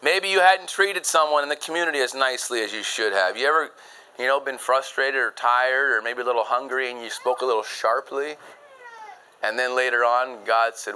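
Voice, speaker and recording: A man preaching a sermon, emphatic, jumping from loud high points to low quiet asides, and reading scripture fast in old-fashioned phrasing. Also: slight background noise, low-quality recording. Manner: reads scripture in fast King James phrasing.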